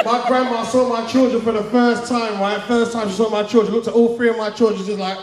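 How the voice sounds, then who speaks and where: A stand-up comedian with a London accent, bantering loudly with a live awards-show crowd and laughing between lines, recorded from far off in an echoey hall. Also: male voice, very high-pitched, little pitch movement, fairly quick, hardly any pauses, background noise. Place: large event hall.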